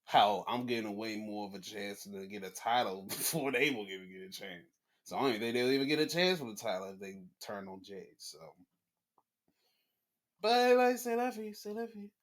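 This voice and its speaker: A man hosting a casual sports podcast, rambling and swearing, often jumping into excited, high-pitched rants. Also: brisk. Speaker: podcast host. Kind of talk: casual wrestling chat.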